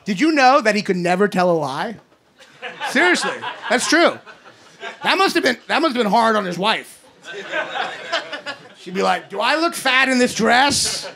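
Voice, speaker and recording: A man in his thirties doing a stand-up set in a comedy club, ranting in an exasperated way and shouting his punchlines into a handheld mic. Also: high voice, very animated, moderate pace, gravelly, pauses often, crowd noise. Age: 30s. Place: comedy club basement before a live audience. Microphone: handheld stage microphone. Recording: live club recording with audience noise. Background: audience laughter.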